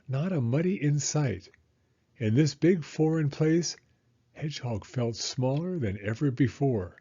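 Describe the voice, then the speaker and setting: A man reading a children's picture book aloud in an expressive, animated storytelling manner. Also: mid-range voice, a little slow, breathy edge, highs cut off. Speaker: storybook reader.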